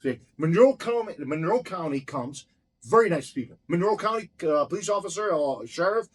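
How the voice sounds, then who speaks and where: A man's voice: high-pitched, animated, moderate pace, husky. A man who owns a restaurant tells a heated, profane story in an interview, blunt and swearing constantly as he acts out each exchange. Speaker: restaurant owner.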